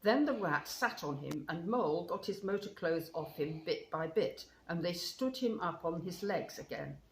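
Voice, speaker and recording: A woman reading a classic children's story aloud, with expressive, measured narration. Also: on the low side. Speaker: storybook reader. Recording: roomy with faint hiss.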